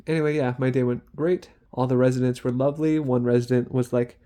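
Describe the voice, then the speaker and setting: A man's voice: medium pitch, fairly even intonation, fast, mellow. A young man, a student care worker, chatting casually in a vlog diary, rambling and acting out sounds.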